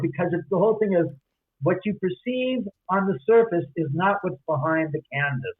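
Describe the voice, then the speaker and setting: An animated man tells stories in a casual interview, slipping into the voices of others as he goes. His voice sits a little high. It comes through a thin, phone-like line. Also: moderate pace. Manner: animated, acts out quotes. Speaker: guest, author and homeowner.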